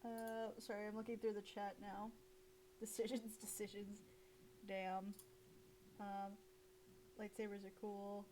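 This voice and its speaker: A young woman art streamer chatting casually while she draws, rambling with lots of fillers and quick giggles. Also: mid-range voice, monotone, dark tone, a little hiss or hum, poor audio. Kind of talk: casual chat while drawing.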